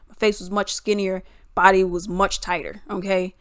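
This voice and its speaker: A woman's voice: mid-range voice, little pitch movement, moderate pace, fairly bright tone, clear, resonant tone, no echo. Young woman vlogger, mid-range voice, emphatic opinionated commentary with a dry, close sound. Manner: emphatic, with rhetorical questions.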